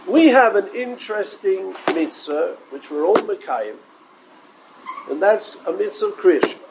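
A man giving a Torah lecture, animated and full of rhetorical questions, mixing in Hebrew and Yiddish terms. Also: sits high, unhurried, creaky, noisy background. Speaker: rabbi.

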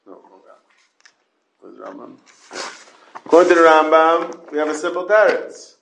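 A man's voice: fairly high pitch, moderate pace, gravelly, a bit bright, slight background noise. Man teaching Talmud in an echoey room. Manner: explains in repeated questions, stressing key words. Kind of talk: Talmud class lecture.

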